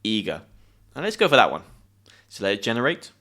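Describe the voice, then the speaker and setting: A British man teaching English, reading a story aloud and pausing to explain words clearly. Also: medium pitch, huge pitch swings, sharp tone. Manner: friendly, clear explanations with pauses to define words.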